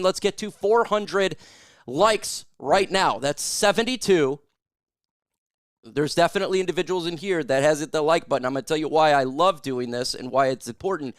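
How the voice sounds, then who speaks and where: A man hosts a live sports stream in casual, hype-driven chat, bursting into whoops and shouts for his viewers. His voice sits fairly high and comes through smooth and clear. The close mic leaves almost no room sound. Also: moderate pace, no room sound.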